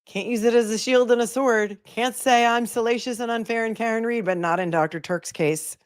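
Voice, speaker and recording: A woman's voice: fairly high pitch, steady tone, a little fast, no room sound, clean studio sound. A woman attorney hosting a casual livestream, chatting wryly and playfully with her viewers.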